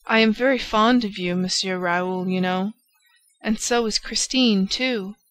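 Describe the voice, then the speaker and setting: A woman's voice: medium pitch, measured pace, a bit bright, no room sound, lightly acted. A woman voicing a cheerful, affectionate old lady in an audiobook, speaking gaily and fondly. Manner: gay, affectionate, chiding. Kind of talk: audiobook character voice.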